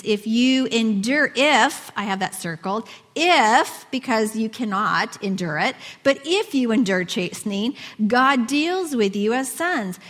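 A woman's voice: a little high, a bit bright, long reverb tail. A woman giving a conversational sermon, reading scripture and asking her listeners questions. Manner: conversational, asks the audience questions, reads scripture aloud. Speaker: preacher.

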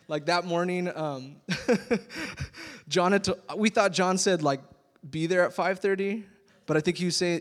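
A man, a youth pastor giving a casual, rambling sermon full of fillers and laughter. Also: fairly high pitch. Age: 20s. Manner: rambling, chatty, many fillers, laughs often. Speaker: youth pastor, worship leader. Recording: long hall reverb.

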